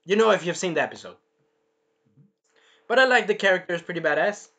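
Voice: medium pitch, lively intonation, brisk, pushed and bright. A reviewer giving a casual spoken episode review, rambling and swearing, with many fillers and restarts. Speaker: show reviewer.

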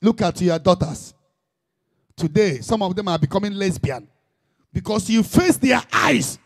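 High-pitched impassioned Nigerian preacher man. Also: lively intonation, measured pace, vocal fry. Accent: Nigerian Igbo. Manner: impassioned, emphatic preaching with repetition. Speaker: pastor. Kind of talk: sermon.

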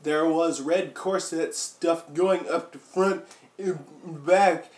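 In an echoey room, a man with a higher-than-average voice reads slowly and with fairly even intonation. He's hamming up a mock dramatic reading for his friends, switching between silly voices and side comments, his throat sore from coughing.

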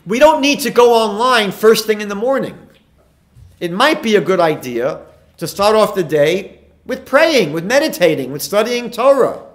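A man's voice: high voice, expressive, moderate pace. A man, a rabbi giving a lecture, retelling Talmud stories and asking emphatic rhetorical questions. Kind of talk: recorded lecture.

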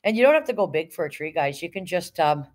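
A woman's voice: on the low side, lively intonation, fast. Chatty middle-aged woman streaming live. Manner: chatty, rambling, greets viewers warmly by name. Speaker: livestream host. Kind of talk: casual live-stream chat.

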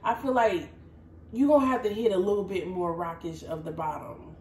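A woman's voice: lowish voice, normal speed, darkish tone. A tipsy woman co-hosting a podcast, blunt and profane, mocking everything. Her voice carries a roomy echo over faint background noise. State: tipsy, hiccuping. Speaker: podcast co-host. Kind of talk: casual chat.

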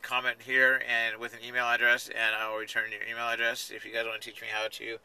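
A man's voice: medium pitch, completely flat delivery, fairly quick, bright, forceful tone, clean tone, low-quality recording. A man in his forties, talking in a rambling, chatty way with self-deprecating jokes, from inside his parked car at night. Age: 40s. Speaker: vlogger. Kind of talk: rambling casual vlog.

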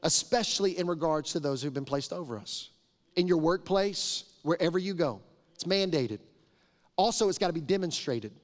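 Middle-aged man, pastor, on a live mic; emphatic, conversational preaching; somewhat higher voice; long sanctuary reverb. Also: animated, normal speed. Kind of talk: sermon. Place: large church sanctuary.

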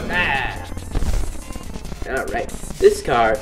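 A man's voice: medium pitch, sing-song, unhurried, creaky, soft background music. A man doing goofy let's-play commentary, playful and joking. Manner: goofy, playful, drops into silly voices. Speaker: gaming YouTuber.

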